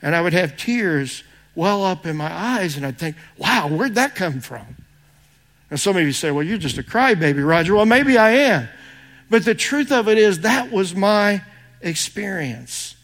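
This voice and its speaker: A man's voice: high-pitched, big pitch swings, measured pace, a bit bright. A middle-aged man preaching a sermon, mixing scripture readings with earnest personal stories. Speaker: pastor.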